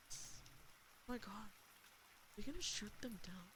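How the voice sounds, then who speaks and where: A woman's voice: mid-range voice, expressive, slow pace, long pauses, fairly bright tone, a little hiss or hum, poor audio. A woman streamer giving a whispered ASMR reading of a storybook, reacting to it aloud, close on a binaural mic.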